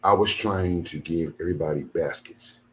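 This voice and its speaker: This older man, a ministry leader, sits low in pitch and talks at a normal speed against slight background noise. Drained after a sleepless night, he vents in his home studio, repeating himself with aggrieved emphasis.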